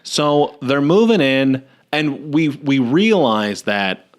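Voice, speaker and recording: A man's voice: mid-range voice, slow. A man co-hosting a comedy podcast, recapping a horror film with jokes and self-mocking asides. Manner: animated, jokey, self-mocking, sudden outbursts. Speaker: podcast co-host. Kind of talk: casual comedy podcast chat.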